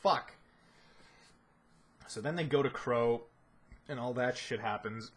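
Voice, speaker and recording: A man's voice: medium pitch, moderate pace, breathy edge. A man giving a ranting analysis of a show, exasperated and swearing heavily. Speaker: video commentator.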